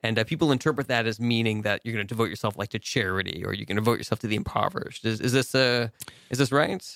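A man's voice: on the low side, racing, vocal fry, fairly bright tone, dry recording. A man hosting an improvised comic interview, asking curious, probing questions in a dry way. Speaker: interviewer host.

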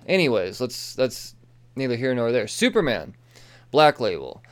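Excitable, profane man reviewing comics. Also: mid-range voice, measured pace. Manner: excitable, profane, rambling with frequent asides.

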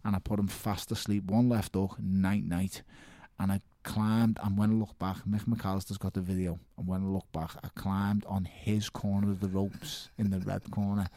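A man with a Liverpool accent in casual interview chat, telling stories in an animated way and often saying "mate". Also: low-pitched, normal speed, few pauses, no room sound, clean studio sound. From Liverpool, England. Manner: animated storytelling, frequent "mate", laughs. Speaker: interviewee, professional boxer.

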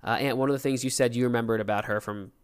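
A young man co-hosting a podcast, telling a story in a relaxed, chatty way. His voice is smooth and clear at an ordinary male pitch, and he slips into little voices for the people he quotes. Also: rapid-fire. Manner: animated storyteller acting out quotes. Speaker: podcast co-host. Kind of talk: casual storytelling chat.

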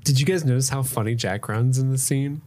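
A man's voice: medium pitch, fairly quick, mellow, a little hiss or hum. A man co-hosting a podcast, casually teasing and joking about a TV episode. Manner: playful, teasing, laughs at his own jokes. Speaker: podcast co-host. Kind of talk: casual recap chat.

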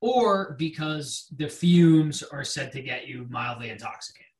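A man's voice: fairly high pitch, lively intonation, far from the mic. Swearing young man in a roomy echo. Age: 20s. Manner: profane, rapid tangents. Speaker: podcast co-host. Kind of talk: casual chat. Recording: roomy, a bit off-mic.

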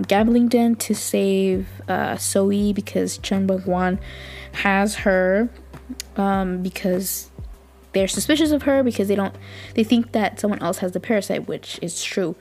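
A woman's voice: mid-range voice, steady tone, slow pace, a little mellow. A woman hosting a casual podcast, chatting and gushing, laughing often and saying "like" a lot. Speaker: podcast host. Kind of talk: casual recap chat.

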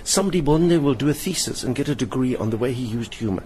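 A man's voice: medium pitch, fast. An older man, a satirist telling theatrical anecdotes in an interview and mimicking the people in them. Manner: lively, theatrical, mimics other voices in anecdotes. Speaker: satirist and performer, interview guest. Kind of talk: animated storytelling in conversation. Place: hotel lounge. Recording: faint room noise in a hotel lounge.

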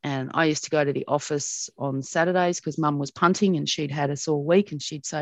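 A middle-aged Australian woman, a broadcast journalist, telling stories about her past in an animated way with frequent laughs. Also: sits low, fairly quick, few pauses, no echo. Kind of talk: reminiscing in an interview.

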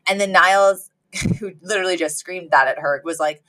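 A woman's voice: on the low side, brisk, a bit bright. A woman co-hosting a podcast, chatting casually and acting out scenes from a sitcom episode with frequent laughter. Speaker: podcast co-host.

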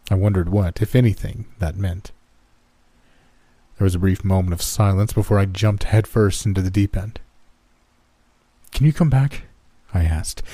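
Dark-voiced man narrating horror. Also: deep voice, dry recording. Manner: steady, measured first-person reading. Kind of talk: scripted horror story narration.

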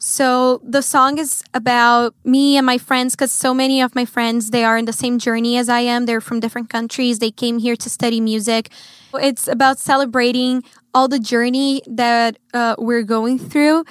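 Young brazilian woman, accent, cheerful and bubbly, pretty high voice, dry close sound. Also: flat delivery, normal speed, clear, resonant tone, no room sound. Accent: Brazilian Portuguese. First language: Portuguese. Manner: upbeat, cheerful, laughs often. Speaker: guest singer. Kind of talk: casual interview chat.

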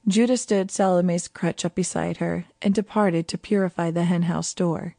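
A woman reading a story aloud as an audiobook narrator, calm and even. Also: lowish voice, moderate pace, vocal fry, no echo, clean studio sound. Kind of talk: scripted narration.

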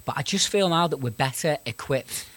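A man talking football on a podcast, thoughtful and halting. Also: a little high, expressive, fairly bright tone. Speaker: podcast panelist. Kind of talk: casual football chat.

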